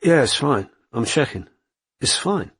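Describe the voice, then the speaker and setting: A man voicing a remorseful adult man who talks low and mutters. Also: normal speed, husky, no room sound, clean studio sound, natural voice. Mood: muttering. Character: remorseful adult man, police detective boyfriend.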